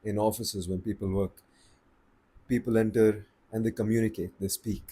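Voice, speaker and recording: A man talks through voice tips in a casual, easygoing way, slowing down to stress his points. His voice sits low and sounds mellow and warm. The tone has a soft, husky edge. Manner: relaxed, unhurried, conversational, slows down for emphasis. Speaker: vlogger giving voice tips. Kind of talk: casual advice talk to camera.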